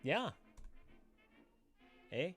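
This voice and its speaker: A young man hosting a casual live stream from California, swearing often and swinging from loud excited outbursts to quiet mumbling. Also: very slow, dry recording, faint music behind. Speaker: livestream host.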